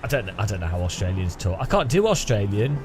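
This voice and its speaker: A man's voice: fairly low pitch, very animated, fast talker, noisy background. A man streaming a game, rambling and joking with his chat in a self-mocking way. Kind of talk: casual live stream chat while gaming.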